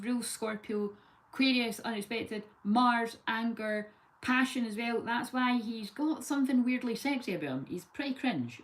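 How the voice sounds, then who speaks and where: A woman giving a casual, rambling tarot reading full of lively chatty asides. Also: a little high. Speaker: tarot reader.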